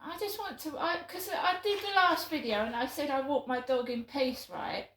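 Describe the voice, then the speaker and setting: A woman's voice: sits high, moderate pace, fairly bright tone, echoey room, a little hiss or hum, low-quality recording. A woman telling a flustered, chatty story to her phone camera while out walking at night. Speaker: vlogger. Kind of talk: casual vlog monologue. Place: outdoors at night on a walk.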